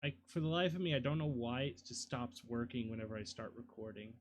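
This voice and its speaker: A man's voice: medium pitch, brisk. A man streaming live, casually muttering to himself and apologizing, self-deprecating as he works on a 3D model.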